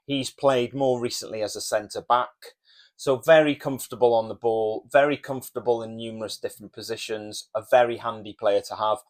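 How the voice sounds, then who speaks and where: Measured male podcast host. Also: lowish voice. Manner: measured, explaining. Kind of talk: casual podcast chat.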